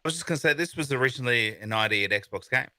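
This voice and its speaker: A man's voice: medium pitch, expressive, rapid-fire, bright, forceful tone, no room sound. A man co-hosting a gaming podcast in casual chat, rambling on with lots of "you know" and restarts. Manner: rambling, many fillers and restarts. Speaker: podcast co-host.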